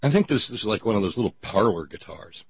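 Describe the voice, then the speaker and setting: Talk show host, male, low husky voice, dry sarcastic delivery, dull lo-fi recording. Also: expressive, quick pace, dry recording. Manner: mocking, reads listener messages aloud. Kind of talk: casual sardonic commentary. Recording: dull lo-fi sound.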